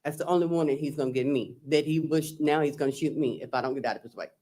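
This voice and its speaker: Man, witness on the stand, fairly high voice, recounting texts and quoting himself. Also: quick pace, mellow. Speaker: trial witness. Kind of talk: courtroom testimony.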